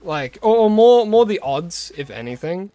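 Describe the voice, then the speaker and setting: A man's voice: sits high, big pitch swings, moderate pace, warm tone, no echo. A young Australian man chatting casually with his viewers as a game streamer, greeting them and rambling between tips. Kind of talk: casual live-stream chat.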